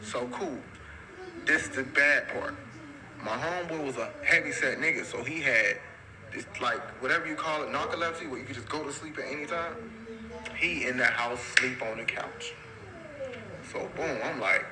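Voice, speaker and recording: A man's voice: moderate pace, crowd noise, poor audio. A man telling a long personal story in a casual, slangy, rambling way. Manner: slangy, rambling, repeats "so boom".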